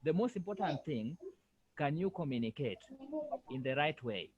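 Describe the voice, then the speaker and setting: A man's voice: on the high side, expressive, moderate pace, breathy edge, highs cut off. A male French language lecturer giving an online lesson over a video call, repeating himself and firmly correcting students. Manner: repetitive, firm corrections.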